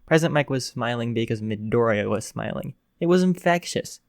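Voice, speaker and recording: A man narrating a fan fiction story aloud in a calm, even way. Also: mid-range voice, normal speed, creaky, dry recording, studio quality.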